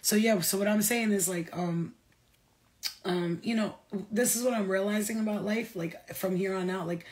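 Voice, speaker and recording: A woman talking as a spiritual medium in a casual vlog, rambling, excitable and full of swearing. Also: medium pitch, normal speed, husky.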